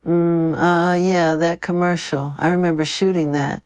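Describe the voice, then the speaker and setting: A gentle, tender grown man, a famous singer comforting a tearful fan, as a low synthetic woman's voice puts him on. His words come soft and soothing in a very deep register, close and dry with no room around them. It is AI chat role-play. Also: steady tone, unhurried, clear, resonant tone, no room sound, close to an everyday voice. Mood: bitter. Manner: soft, soothing, affectionate speech. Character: gentle, tender adult male pop star comforting a fan.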